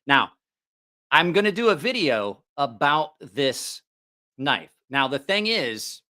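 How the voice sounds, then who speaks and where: A man's voice: a little high, big pitch swings, takes it slowly, pushed and bright. A man hosting a casual livestream about knives, joking, teasing viewers and laughing often. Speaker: knife channel host.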